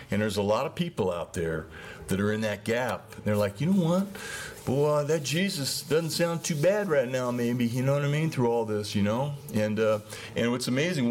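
A man's voice: mid-range voice, slight background noise. A middle-aged man giving an informal, conversational sermon, often slipping into the voices of the people he describes. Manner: casual, conversational, acts out voices of biblical figures. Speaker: preacher.

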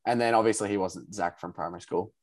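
Animated young man telling stories. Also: fast. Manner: animated storyteller, acts out quotes with big pitch jumps. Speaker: podcast co-host telling a story. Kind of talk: casual chat.

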